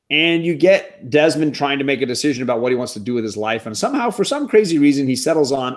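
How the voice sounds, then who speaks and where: A man hosting a casual TV recap chat, talking in an animated, wry way with quick asides. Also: mid-range voice. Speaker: podcast host.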